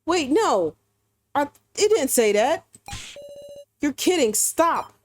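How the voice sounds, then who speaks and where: A woman's voice: sits high, big pitch swings, slow pace, slight background noise, exaggerated voice. A woman reading the lines of a distraught young heroine begging for lives in a game. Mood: shocked. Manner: pleading, distraught.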